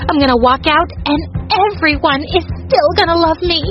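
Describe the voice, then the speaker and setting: A nasty, sneering teen starlet, as a woman puts her on in a storytime cartoon, with a high, bright voice that turns shrill in a rage. The recording is muffled and lo-fi, with clear music underneath. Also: moderate pace. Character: spoiled, vicious teenage girl star.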